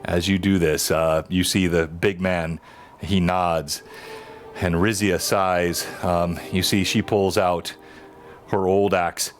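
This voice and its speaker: Low-voiced man narrating as game master. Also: level tone, slow, soft background music. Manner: descriptive, with frequent uh fillers.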